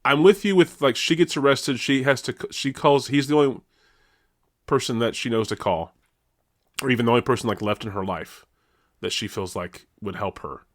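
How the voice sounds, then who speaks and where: A man's voice: medium pitch, moderate pace, no echo. Man, podcast co-host, casual chat, laughing often, dry close sound. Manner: laughing, animated, restarts often.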